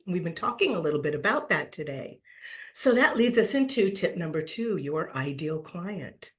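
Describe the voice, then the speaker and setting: Lively middle-aged woman presenter. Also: medium pitch. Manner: animated and playful, acts out quoted voices, laughs often. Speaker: branding speaker at an online summit.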